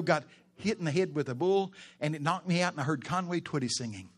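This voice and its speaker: A middle-aged man, preaching in a folksy, laughing storytelling manner that breaks into loud shouts. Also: a little high, animated, fast. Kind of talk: sermon storytelling.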